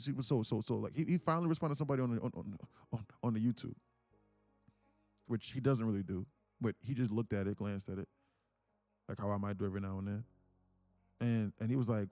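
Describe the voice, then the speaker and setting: A man's voice: on the low side, fast, pauses often, warm tone, no room sound, soft background music. Rambling man telling a story. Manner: rambling, profane, full of restarts. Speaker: livestream host. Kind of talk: casual storytelling.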